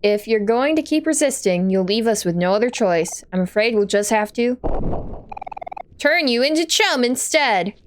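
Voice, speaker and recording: A woman's voice: a little high, lively intonation, moderate pace, natural voice. Woman playing smug, greedy villain sisters. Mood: menacing. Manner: drawling, mock-polite menace.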